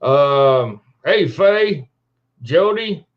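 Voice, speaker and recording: Man, folksy livestream host, slow and a bit high, dull lo-fi computer mic. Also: animated. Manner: folksy, greets viewers by name. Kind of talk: casual live-stream chat. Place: at home at the computer.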